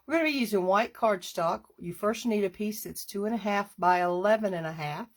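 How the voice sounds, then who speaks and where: A woman demonstrating a paper craft on a live stream, chatty and unhurried, stopping now and then to clear her throat. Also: medium pitch.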